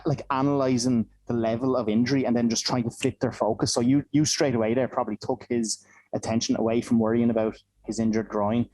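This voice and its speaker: A man's voice: medium pitch, warm tone, no echo, rough recording. A man hosting an interview, asking long, rambling questions with hesitant restarts. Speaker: podcast host, interviewer.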